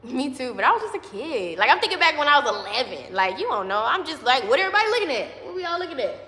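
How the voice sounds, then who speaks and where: A young woman telling a childhood story in casual, emotional chat, animated and acting out the voices of others. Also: high voice, quick pace. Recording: echoey roomy hall with faint noise.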